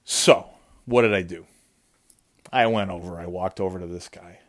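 A man's voice: sits low, normal speed. Guy ranting thru a funny story, swears constantly, mocking, fired up. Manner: animated, swears a lot, mocking. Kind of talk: profane comedic storytelling.

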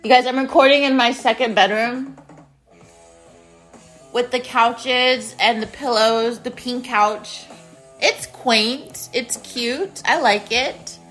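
A woman's voice: on the high side, fairly even intonation, takes it slowly, fairly bright tone, faint music behind. A woman in her thirties hosting a casual solo podcast from a spare bedroom at home. She talks straight to her listeners and repeats her phrases. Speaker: podcast host.

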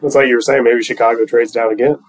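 A man co-hosting a casual sports podcast, speaking calmly in short replies and reading out lists. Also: mid-range voice, fast talker, low-quality recording. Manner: calm, brief replies, reads out lists. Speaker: podcast co-host.

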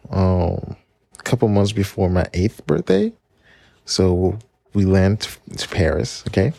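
A man in his late twenties from Maryland hosts his own podcast, telling stories in a loose, rambling way and correcting himself as he goes. His voice sits low, with a husky, gravelly edge. The recording is dry and close. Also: warm tone, dry recording. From Maryland, United States. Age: 20s. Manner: chatty, rambling, with self-corrections and laughs. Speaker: podcast host. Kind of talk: casual solo podcast storytelling.

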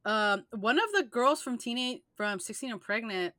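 A woman's voice: on the high side, expressive, normal speed, sharp tone, dry recording, clean studio sound. A young woman co-hosting a podcast, talking in a rambling way with many filler words. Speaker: podcast co-host. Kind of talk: casual chat.

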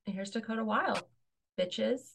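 A woman's voice: fairly high pitch, unhurried, vocal fry, slight background noise. A woman co-hosting a podcast in casual chat, teasing and joking crudely. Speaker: podcast co-host.

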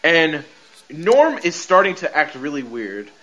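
A man's voice: fairly high pitch, sing-song, a little slow, fairly bright tone. A man hosting a podcast, recapping an episode in a rambling, casual way, full of "like," restarts and frequent laughter. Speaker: podcast host. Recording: dull lo-fi recording with faint noise.

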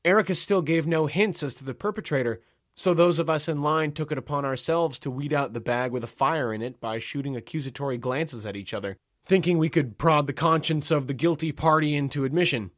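Wry deadpan male storyteller. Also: on the high side, brisk, no echo, studio quality. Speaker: narrator. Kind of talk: first-person comic story narration.

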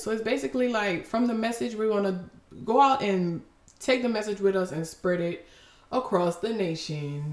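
Woman podcast host, lower voice, heartfelt and expressive, roomy echo. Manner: emotional, expressive, teary laughter. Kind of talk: faith podcast talk.

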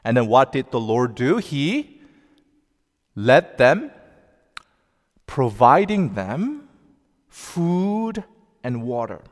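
A male pastor preaching a sermon, slow and deliberate, with emphatic rising outbursts. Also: medium pitch, very animated. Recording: long reverb of a large hall.

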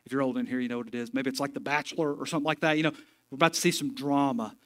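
A man's voice: medium pitch, steady tone, rapid-fire, fairly bright tone. A man preaching a sermon in a church, folksy and joking, with emphatic stretches. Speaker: pastor. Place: church sanctuary.

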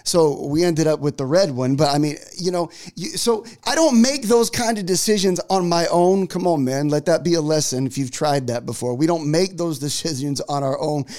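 A man's voice: on the high side, lively intonation, moderate pace, hardly any pauses, darkish tone. Chatty storytelling pastor in his forties. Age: 40s. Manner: chatty storytelling with many restarts. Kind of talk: sermon.

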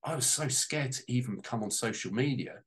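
A man talks at length to a small group, his words tumbling out in long, winding sentences. He sounds deeply moved and close to tears at times, with the open, emotional tone of a personal testimony. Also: fairly quick. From United Kingdom. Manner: heartfelt, close to tears, rambling. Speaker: guest on a panel.

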